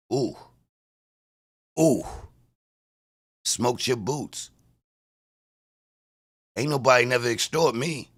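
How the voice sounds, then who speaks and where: A man's voice: lowish voice, a bit bright. A man rants on a casual livestream. He trash-talks and mocks the viewers in his chat.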